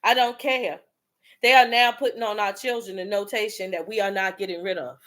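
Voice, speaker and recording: A woman's voice: mid-range voice, steady tone, brisk, a bit bright. A woman host delivering an impassioned motivational rant in a fiery, preachy manner. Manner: fiery, preachy, street-talking.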